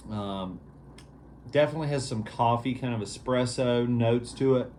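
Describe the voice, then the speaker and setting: A man's voice: medium pitch, moderate pace, a little mellow, slight background noise. A man hosting a casual vlog review, talking in an easygoing, rambling way with lots of fillers. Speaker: beer reviewer, show host.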